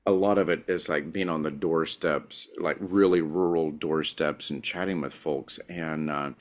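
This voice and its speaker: A man in his forties with a very low, deep voice and a mild East Tennessee drawl that slips in and out. He talks in a loose, chatty, self-deprecating way as a podcast interview guest. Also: fairly even intonation, a little slow. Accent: mild Southern US, East Tennessee. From East Tennessee, USA. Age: 40s. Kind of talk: casual conversational interview.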